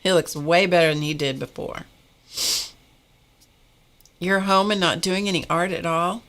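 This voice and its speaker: A woman with a low voice talks slowly and easily while she paints on a live stream. She drifts into long personal stories, then breaks off to greet viewers in the chat by name. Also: steady tone, a bit bright. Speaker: art instructor hosting a live painting stream.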